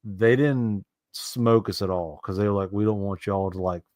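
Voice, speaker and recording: A man's voice: fairly low pitch, darkish tone, no echo, studio quality. A man chatting casually about army training, often stumbling and repeating words. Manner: halting, repeats words, quick asides. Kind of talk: casual chat.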